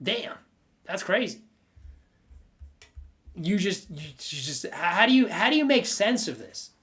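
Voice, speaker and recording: A man's voice: high-pitched, big pitch swings, measured pace, fairly bright tone, husky. Rambling young man hosting a stream. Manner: rambling, stammering, playful, talks to chat. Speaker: livestream host reviewing NFT art. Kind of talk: casual livestream chat.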